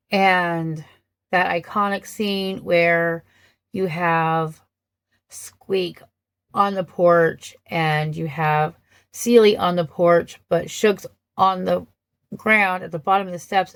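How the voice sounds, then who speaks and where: A woman speaks slowly and thoughtfully as she compares film versions, pausing often to gather her words. Her voice carries a gravelly edge, and the recording is dry with no room sound. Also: on the low side, fairly bright tone, no room sound. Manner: thoughtful, hesitant, many ums and restarts. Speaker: vlogger reviewing films. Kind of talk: casual film commentary.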